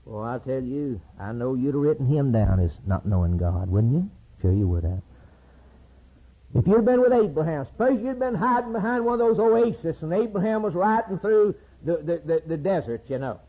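A male preacher delivers a sermon, swinging from loud high cries to low hushed storytelling. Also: sing-song, moderate pace, husky. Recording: tinny lo-fi sermon tape.

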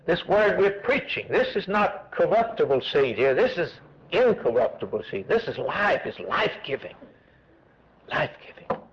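A man preaches a sermon in a lively, swooping voice that sits a little high, at a moderate pace. His emphatic, repetitive cadence hammers points home with repeated phrases and self-answered questions. The audio is dull and lo-fi like an old radio broadcast, with slight background noise.

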